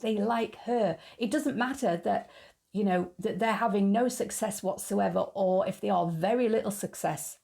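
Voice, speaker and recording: Frank, chatty woman with slight gravel. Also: mid-range voice, moderate pace, mellow. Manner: frank, chatty, laughs at her own jokes. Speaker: YouTube channel host. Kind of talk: casual opinion monologue.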